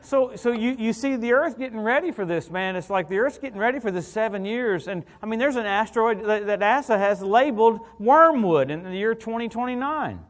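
A middle-aged man preaching an evangelical sermon as a guest minister, animated and joking, often calling out "hallelujah" and "come on". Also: high voice, a little fast, hardly any pauses.

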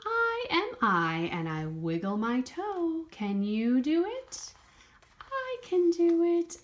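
Lady teacher reading a kids' book out loud, bouncy and sing-song, takes it slow and high. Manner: lively sing-song storybook reading, encouraging prompts. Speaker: dance teacher. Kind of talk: children's movement lesson with read-aloud.

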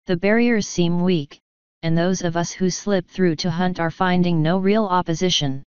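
A woman voicing a scheming elf lord who speaks lazily and silkily to his king. The voice is low and very smooth. The recording is dry and dull. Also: steady tone, normal speed, darkish tone, dry recording, lightly acted. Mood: silky. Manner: lazy, silky.

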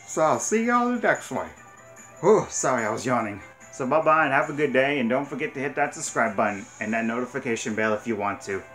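Excitable gamer man yelling at the screen. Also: mid-range voice, a little fast, faint music behind. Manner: excitable, cursing and yelling at the game. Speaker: gaming channel host. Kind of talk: let's play commentary.

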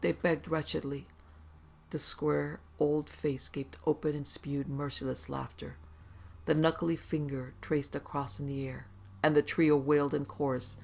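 A man reads a horror story aloud with dramatic, expressive delivery. His voice is gravelly and sits slightly high. The recording sounds dull and lo-fi. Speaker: narrator.

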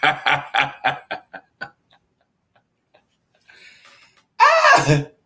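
Slow-talking man roasting someone. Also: on the high side, wildly swooping pitch, sharp tone, breathy edge. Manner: slow, scornful, laughs at his own insults. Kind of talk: mocking roast.

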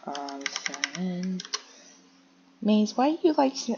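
A woman's voice: on the low side, very animated, slow pace, long pauses, muffled recording, noisy background. A young woman chatting casually while playing a firefighter game, making radio calls and talking to her cats.

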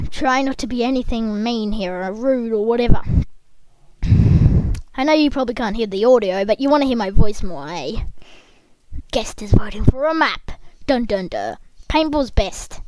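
Brief: high, lively-voiced woman commentating a game at home, chatty and excitable, close desk mic. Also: moderate pace, pauses often. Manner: excitable, bursts into shrieking yells; chatty, talks straight to the viewers. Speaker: gameplay commentator. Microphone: desk microphone, close.

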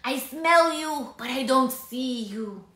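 A woman's voice: high voice, expressive, slow pace, sharp tone, roomy sound, pitched above the performer's own voice, heavily acted. A woman voicing a boyish Siamese kitten who believes he is a Chihuahua, speaking playfully in a put-on Spanish accent. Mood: bold.

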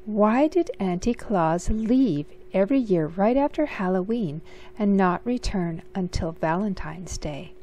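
A woman reading a picture book aloud in a gentle, measured storytelling manner. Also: mid-range voice, animated. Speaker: storybook reader.

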